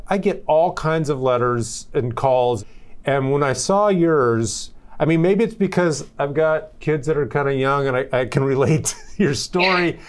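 A man hosting a podcast in a relaxed, friendly way, laughing lightly as he talks. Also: a little high. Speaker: podcast host.

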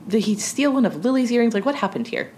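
A woman's voice: on the high side, very animated, quick pace, darkish tone, slight background noise. A woman co-hosting a casual recap chat, easygoing and giggly. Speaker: podcast co-host.

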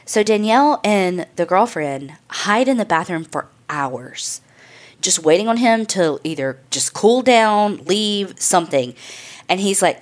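Woman, podcast host, lowish voice, casual storytelling, chatty, profane. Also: expressive, unhurried. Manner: chatty, profane, full of "like" and "I mean". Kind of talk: casual true crime storytelling.

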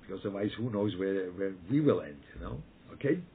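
A man's voice: low voice, animated, slightly rough. A man leading a Torah study group over a video call, speaking emphatically and repeating himself, often restarting his sentences. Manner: emphatic, repetitive, halting with frequent restarts. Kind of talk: Torah talk over a webinar. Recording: tinny phone-like call audio with faint noise.

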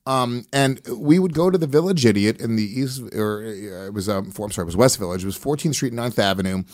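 A man's voice: on the low side, a little fast, a little mellow, no echo. Man, podcast host, crude storyteller, swears a lot, dry close mic. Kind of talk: casual podcast chat.

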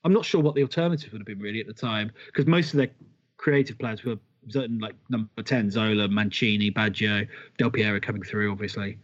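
Quick-talking man in casual football chat. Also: fairly low pitch, dull audio. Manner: chatty, quick, self-deprecating with swearing. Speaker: podcast co-host.

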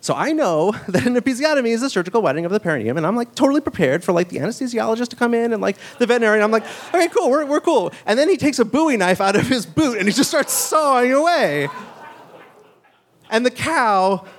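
A man telling a true story on stage, conversational and full of "like" fillers and quick asides. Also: sits high, expressive. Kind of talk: live storytelling.

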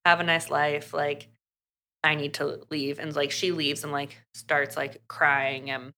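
A woman's voice: sits low, sharp tone. A woman co-hosting a podcast, chatting casually through a book's plot and acting out the characters' lines. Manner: chatty, fast recap full of "like" and acted quotes. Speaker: podcast co-host. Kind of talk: casual book recap.

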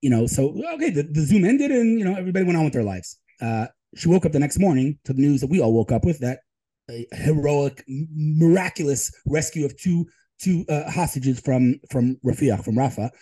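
Animated man telling stories with emphasis. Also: a little high, a little fast, slightly rough, low-quality recording. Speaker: guest, tech advisor and Israel advocate. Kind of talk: storytelling interview talk.

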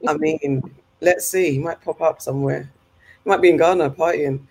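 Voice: medium pitch, big pitch swings, moderate pace, vocal fry, darkish tone. A podcast co-host in casual chat, talking in a rambling, chatty way and laughing often.

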